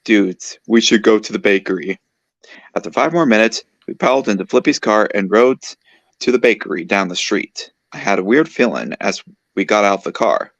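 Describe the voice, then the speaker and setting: A man's voice: lowish voice, animated, fairly quick, gravelly, a bit bright, no echo, lo-fi sound. A man hosting a show, casually reading fan fiction aloud and stumbling over words now and then. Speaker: host.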